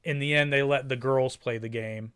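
A man co-hosting a podcast in loose, casual conversation, his voice sitting at an ordinary middle pitch. He rambles through movie memories and quotes lines along the way. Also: steady tone, normal speed, fairly bright tone, smooth. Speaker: podcast co-host. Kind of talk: casual movie review chat.

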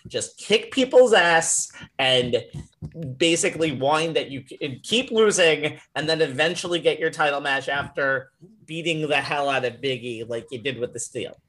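A man co-hosting a podcast in casual chat, opinionated and animated, laughing often. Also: fairly high pitch, normal speed. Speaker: podcast co-host.

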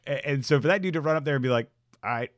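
A man's voice: a little high, very fast, dry recording, clean studio sound. A man co-hosting a podcast in casual chat, laid-back and swearing freely. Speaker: podcast co-host.

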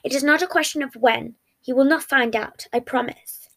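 A woman's voice: high-pitched, normal speed, vocal fry, a bit bright, heavily acted. A woman voicing a formal, precise young man who comforts a friend with careful wording, in a fan fiction reading. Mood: gentle.

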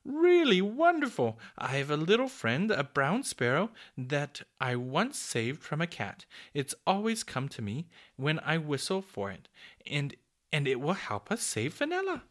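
An excitable, fussy old peddler, put on by a man reading a storybook aloud, his voice leaping high and loud as ideas burst out of him. He exclaims eagerly, with a lively, swooping pitch. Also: a little slow. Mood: excited.

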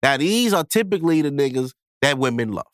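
A man's voice: on the high side, animated, brisk, noisy background. Blunt, profane man on a podcast. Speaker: podcast host. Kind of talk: casual chat.

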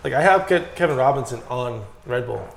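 A man's voice: medium pitch, brisk, vocal fry. A man rattles off stories at speed, dropping swear words as he goes. He sounds like a guest on a laid-back podcast. His voice bounces around a roomy, echoing space. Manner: profane, animated storytelling. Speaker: pro BMX rider guest. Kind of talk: casual podcast chat.

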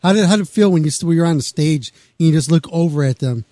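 A man hosting a casual interview, with a fairly high voice. He reacts with enthusiasm and keeps up frequent interjections. His voice is recorded dry and close. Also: lively intonation, quick pace, mellow, no room sound. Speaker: host.

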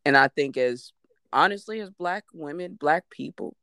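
A woman in a casual podcast chat, talking in an expressive, emphatic way and laughing loudly. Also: low voice, normal speed, dry recording, studio quality.

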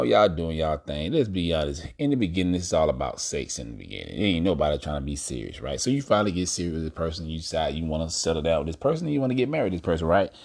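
A man with a very low voice hosts his own podcast, holding forth alone in a loose, rambling monologue. He speaks bluntly and swears freely, turning often to address his listeners directly. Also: gravelly, a little mellow. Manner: blunt, profane, preachy asides to listeners. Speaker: podcast host. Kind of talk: casual monologue.

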